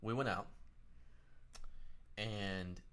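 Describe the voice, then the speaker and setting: A man's voice: lowish voice, drawn-out words, fairly bright tone, smooth. A young man co-hosting a podcast, telling a rambling story in casual chat, swearing often and full of fillers. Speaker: podcast co-host.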